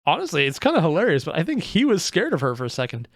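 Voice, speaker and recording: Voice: mid-range voice, wildly swooping pitch, very fast. Chatty, self-mocking reaction commentator. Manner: chatty and self-mocking, with frequent likes and asides. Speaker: reaction channel host.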